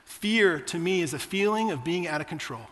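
A man's voice: sits high, expressive, normal speed, fairly bright tone, long reverb tail. A man in his forties preaching a sermon, telling personal stories in a conversational way to his church. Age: 40s. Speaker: pastor.

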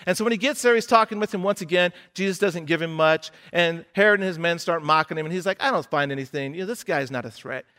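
High-pitched guy preaching, chatty retelling, does little voices for people in the story. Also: quick pace, hardly any pauses, sharp tone. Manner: conversational storytelling, acts out the characters' lines. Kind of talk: sermon retelling a scripture passage.

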